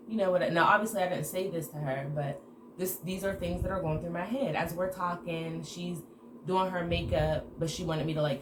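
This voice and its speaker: A woman telling a casual story to her viewers in an animated way, acting out the dialogue. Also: lowish voice. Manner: animated retelling with acted-out quoted dialogue. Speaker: storytime vlogger. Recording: echoey room with background noise.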